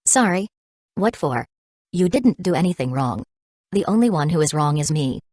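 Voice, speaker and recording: A vindictive young man speaks with a sweet surface and sarcastic edge, as a woman reader puts him on. His voice sits low and close, with a dry, unroomy sound. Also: expressive, normal speed, no room sound. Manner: mock-gentle, sarcastic. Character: smiling, vindictive young man who holds grudges.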